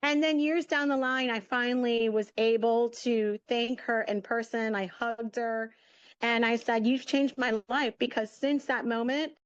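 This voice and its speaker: A woman's voice: fairly high pitch, a little slow, clean tone, dry recording, highs cut off. A middle-aged woman guest telling a story casually and with energy, acting out the lines of the people in it. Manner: chatty, animated, acts out quoted dialogue. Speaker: guest, media entrepreneur.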